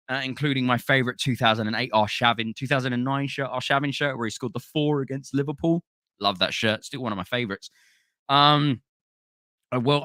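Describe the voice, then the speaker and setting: Male podcast host, bright tone, loose casual chat, dry recording. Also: medium pitch, no echo. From London, England. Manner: chatty, swears freely, thanks viewers by name. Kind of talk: casual live-stream chat reading comments.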